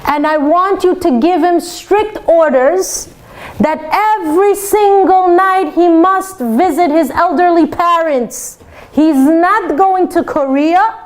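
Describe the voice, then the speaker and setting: A woman voicing an angry, stern army general who shouts and gives orders. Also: very high-pitched, slow, pitched above the performer's own voice, rough recording. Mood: commanding. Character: furious army general, older man.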